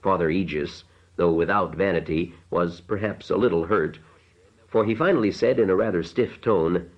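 A man reading an audiobook narration in a measured, unhurried way. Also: sits low, lo-fi sound.

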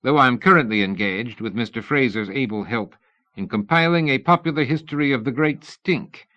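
A man reading a suave, cordial Victorian gentleman journalist with a polite, genteel manner. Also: mid-range voice, lively intonation, brisk, muffled recording, pitched above the performer's own voice. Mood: courteous. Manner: polite, genteel, feigning innocence.

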